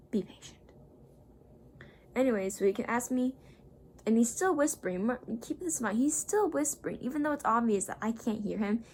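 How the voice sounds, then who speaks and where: A woman's voice: medium pitch, slight background noise. A young woman vlogger casually retelling a story, rambling and acting out the people she quotes.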